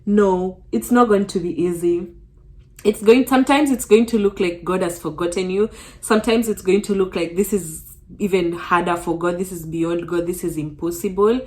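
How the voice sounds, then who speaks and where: Young woman vlogger, earnest chatty storytelling, lots of "like", casual. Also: medium pitch. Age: young adult. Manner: earnest, animated storytelling, often says "like". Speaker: vlogger and student. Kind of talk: casual storytime chat while getting ready.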